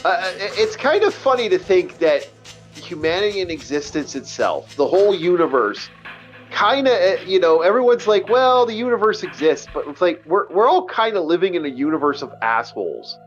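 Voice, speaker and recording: Let's play host, man, higher voice, rambling and swearing, faint game music under him. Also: sing-song, moderate pace, highs cut off. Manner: rambling, profane, stumbling restarts. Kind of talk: casual chat over gameplay.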